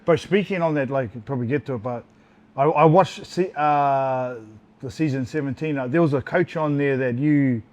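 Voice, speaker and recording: A man's voice: mid-range voice, moderate pace, darkish tone. A man co-hosting a podcast in casual chat, hesitant and searching for his words.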